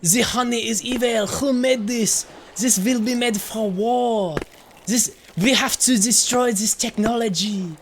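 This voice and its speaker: A man's voice: very high-pitched, measured pace, a little hiss or hum, pitched above the performer's own voice. A man voicing a horrified young French woman with a put-on French accent, exclaiming in alarm.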